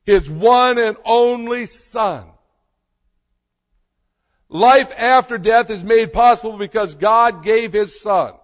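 A man preaching a sermon as a pastor, slow and emphatic, with dramatic pauses. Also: high voice. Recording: long reverb of a hall.

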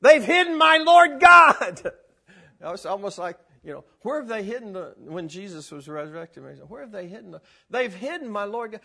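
A man teaching a live group about scripture in an animated, excitable way, laughing often and exclaiming. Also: high voice, brisk, vocal fry. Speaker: Bible teacher.

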